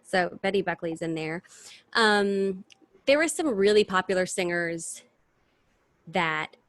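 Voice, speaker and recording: A woman singer and impressionist, guest in a casual interview, talking in long, animated answers with restarts over a video call. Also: on the low side, slow, dry recording.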